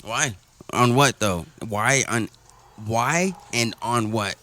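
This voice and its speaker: A man's voice: mid-range voice, takes it slowly, pushed and bright. A man in casual podcast chat, laid-back and profane, putting questions to the others.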